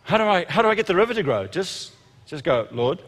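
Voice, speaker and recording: A man delivering a lively sermon, his voice sitting a little high for a man. He stumbles and restarts, then surges into loud emphatic stretches. The sound carries a long reverb, as from a large hall. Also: fast talker. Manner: animated, rising to shouts when quoting, frequent restarts. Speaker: preacher.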